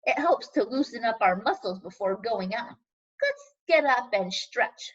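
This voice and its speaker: An upbeat drama camp teacher leads warm-up exercises, as a woman reading aloud gives her voice. She speaks in a high, animated voice. The sound is a little dull and lo-fi. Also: unhurried. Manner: upbeat, instructive.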